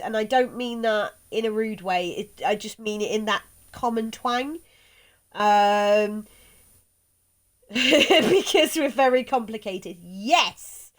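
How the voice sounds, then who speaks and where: A woman with a Somerset accent and a slight lisp on her S sounds, chatting casually and rambling while streaming a game. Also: a little high. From South West England. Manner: chatty, rambling, laughs often. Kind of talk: casual chat while gaming.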